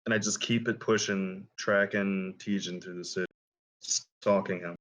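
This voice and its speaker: A man's voice: low-pitched, steady tone, a little slow, fairly bright tone, low-quality recording. A man playing a tabletop game, describing his character's moves in a casual, laid-back way. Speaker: player.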